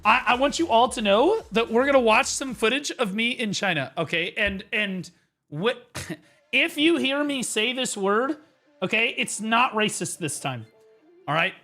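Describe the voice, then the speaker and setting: A man streaming in a casual chat, rambling and excitable, stumbling over restarts and breaking into shouting bursts. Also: extremely high pitch, measured pace, faint music behind. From United States.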